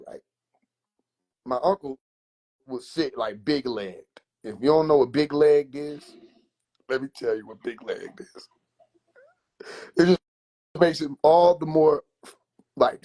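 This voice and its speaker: Slow, husky comic storyteller man. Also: on the high side. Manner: animated, drawn-out comic storyteller. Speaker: livestream host. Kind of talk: comedic storytelling. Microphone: phone livestream.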